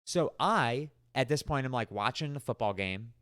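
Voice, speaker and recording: Guy in his twenties on a podcast, smooth clear voice, dry sound, telling a fed-up story. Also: mid-range voice, brisk, no echo. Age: 20s. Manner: animated, exasperated retelling. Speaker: podcast co-host. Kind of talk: casual storytelling chat.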